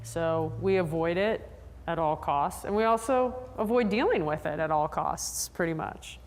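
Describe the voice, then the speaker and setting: A woman psychologist giving a lively, chatty talk to a convention audience, drawing answers from the crowd. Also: normal speed. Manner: animated, chatty, acts out riders in high voices. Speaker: sports psychologist presenter. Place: large convention hall. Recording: long hall reverb.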